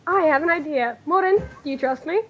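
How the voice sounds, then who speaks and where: A woman voicing a smooth, scheming male character who persuades softly in a tabletop game. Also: high-pitched, a little fast, close to an everyday voice. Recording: dull lo-fi sound.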